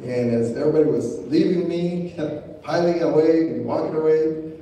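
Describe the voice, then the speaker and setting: A man's voice: on the high side, moderate pace, mellow, slight background noise. A man telling a personal story to an audience, plain-spoken and acting out the voices he quotes. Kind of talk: storytelling speech. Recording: echoey hall recorded from a distance.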